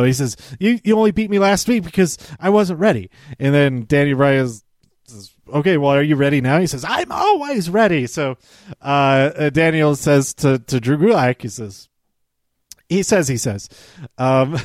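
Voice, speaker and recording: A man's voice: medium pitch, a little mellow, no echo, clean studio sound. A man casually recapping a wrestling show. He rambles, with lots of fillers and small laughs.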